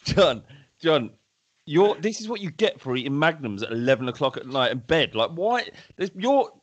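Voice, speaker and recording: A man's voice: fairly high pitch, big pitch swings, normal speed. Teasing, stammering male guest. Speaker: guest podcaster. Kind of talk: casual podcast banter.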